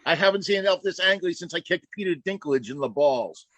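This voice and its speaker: A man hosting a comedy roast, introducing guests with quick jokes and hype. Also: high-pitched, lively intonation, crowd noise. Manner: jokey, hyping up guests. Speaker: roast host. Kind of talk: live comedy emceeing.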